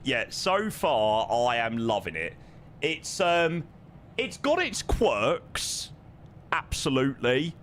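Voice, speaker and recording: A man's voice: fairly high pitch, a bit bright, slight background noise. A man with a London accent chatting casually on a live flight sim stream, thanking viewers and answering their questions. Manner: chatty, reads viewer names and questions aloud.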